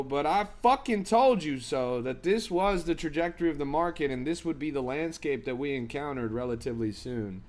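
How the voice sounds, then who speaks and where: A man with a somewhat high voice hosts a crypto live stream in a hyped, slangy way. He keeps up casual commentary and talks straight to his chat. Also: animated, normal speed, hardly any pauses, darkish tone. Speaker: crypto livestream host.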